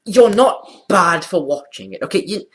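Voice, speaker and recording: Teenage boy, joking, rambling, animated pitch, casual podcast banter. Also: moderate pace. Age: teens. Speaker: co-host.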